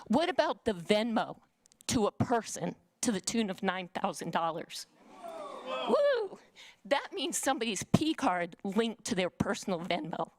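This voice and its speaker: A woman's voice: mid-range voice, sing-song, moderate pace. A woman making a public comment to a town council, firing off pointed questions while admitting she is nervous, with a Northeastern US accent.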